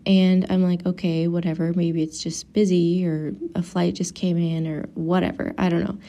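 A woman's voice: on the low side, level tone, normal speed, warm tone. A young woman and mother telling a travel story to her viewers in a casual, chatty way, with lots of "like" and acted-out quotes.

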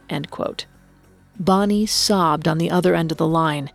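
Low-voiced woman narrating true crime. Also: a little slow, creaky, soft background music. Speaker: podcast narrator.

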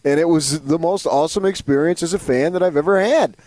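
A man's voice: a little high, a little fast, a little mellow, no echo. A man co-hosting a sports radio show, chatting casually and enthusiastically, rambling and repeating himself.

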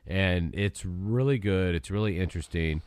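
An older man co-hosting a podcast in casual chat, playful and quick to laugh. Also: deep voice, darkish tone, clean tone, no room sound, studio quality. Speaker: podcast co-host.

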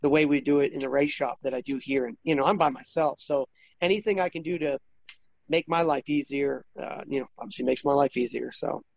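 A man in his thirties talking casually as an interview guest, rambling with many restarts and getting animated when he quotes others. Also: mid-range voice, fairly quick, creaky, lo-fi sound.

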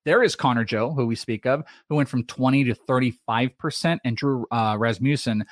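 A man's voice: mid-range voice, normal speed, dry recording, studio quality. Chatty man rattling off player stats. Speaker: podcast co-host. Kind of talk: casual fantasy baseball chat.

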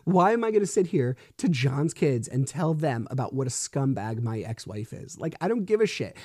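A man talks through a solo podcast monologue, frustrated and swearing freely as he tells his story. His voice is mellow and relaxed in tone and sits at an ordinary pitch. The sound is dry and close, recorded while he lies in bed. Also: no echo. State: sore back. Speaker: podcast host. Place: lying in bed at home.

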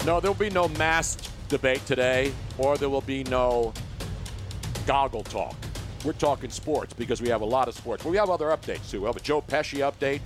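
A man hosting a sports talk radio show, animated and teasing, rambling through his stories. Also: mid-range voice, fairly quick, over music. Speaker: radio host.

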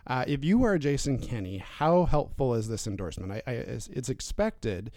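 A man hosts a political podcast from a newsroom studio, speaking at a middling pitch. His delivery is lively, with jokey asides as he brings in guests. The sound is close and dry. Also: normal speed, no echo. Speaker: podcast host.

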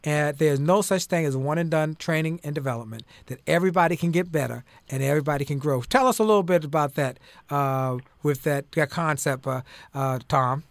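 Animated, high-voiced male host. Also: brisk, no room sound. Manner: animated storyteller with frequent fillers. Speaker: talk show host. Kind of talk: conversational interview.

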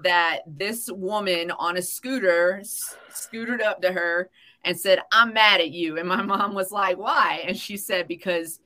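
A woman co-hosting a podcast, telling a story in casual chat, animated and laughing often, acting out the voices she quotes. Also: on the low side, a little slow. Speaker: podcast co-host.

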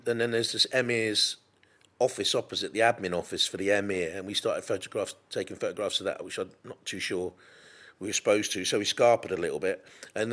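A man's voice: lowish voice, fairly bright tone. Rambling middle-aged man telling stories. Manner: rambling storyteller, lots of restarts. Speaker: podcast co-host. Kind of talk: casual chat.

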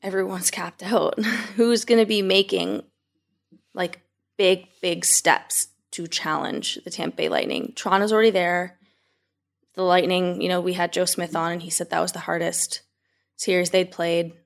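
A young woman from Canada talks sports on a podcast in a relaxed, chatty way. Her voice sits a little low for a woman. She laughs easily and scatters fillers as she goes. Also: moderate pace, gravelly. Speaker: podcast co-host. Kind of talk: casual sports chat.

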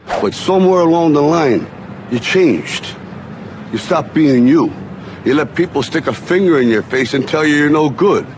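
Actor as an aging boxer dad, stern and blunt, slightly high voice, faint outdoor noise behind. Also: male voice, animated, normal speed, darkish tone, lightly acted. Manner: stern, blunt, rising to urgency. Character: aging tough male boxer lecturing his grown son. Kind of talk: film dialogue.

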